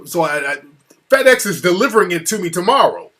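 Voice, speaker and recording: Husky man telling a heated story. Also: high voice, normal speed. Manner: profane, animated storytelling, gets heated. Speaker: interview guest. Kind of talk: casual phone-style conversation. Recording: call audio cutting out.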